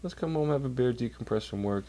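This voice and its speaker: A man's voice: medium pitch, expressive, quick pace, mellow, slight background noise. A man chatting casually on a livestream from home, rambling and swearing while doing chores. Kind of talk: casual rambling stream chat. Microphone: computer mic while streaming.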